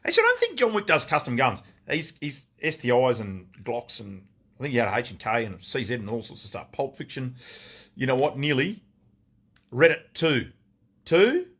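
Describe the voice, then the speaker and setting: A middle-aged Australian man, easygoing and talkative, hosting a live stream. His voice sits at an ordinary middle pitch. He rambles with plenty of ums and greets viewers by name as he goes. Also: huge pitch swings, normal speed, fairly bright tone, slightly rough. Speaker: gun shop owner hosting a live stream. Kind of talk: casual live-stream chat.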